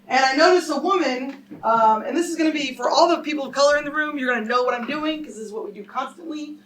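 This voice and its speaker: Speaking quickly in a high voice, a scholar tells a story during a public lecture before a live audience. Her delivery is direct and emphatic, and she keeps turning to the crowd with questions. The mic is a little distant and picks up faint background noise.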